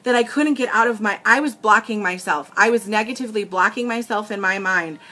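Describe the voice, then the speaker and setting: Her medium-pitched voice comes out pushed and bright, at a fairly quick pace. She is a young adult makeup seller on a live stream, recorded with a tablet, speaking earnestly and emotionally to viewers and often starting her sentences over.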